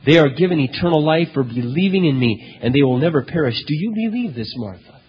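A male pastor preaching a sermon, telling a story dramatically, with loud emphatic peaks and hushed low passages. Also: animated, brisk, husky. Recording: dull lo-fi recording in a reverberant hall.

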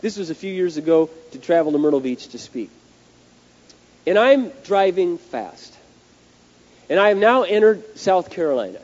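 A man preaching a sermon as pastor, telling a story in an animated, emphatic way, on a dull lo-fi recording. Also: high-pitched, normal speed, pauses often.

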